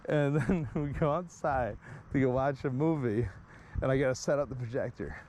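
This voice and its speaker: A man's voice: medium pitch, normal speed, a little mellow. Rambling man telling a story, faint background noise. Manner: rambling, acts out what others said, laughs often. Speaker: guest storyteller. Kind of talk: casual chat.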